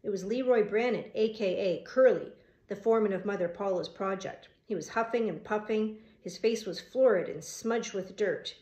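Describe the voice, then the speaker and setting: A woman reading a novel aloud as an audiobook narrator, steady and even, fixing small slips as she goes. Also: medium pitch, moderate pace, highs cut off. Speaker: audiobook reader. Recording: roomy echo.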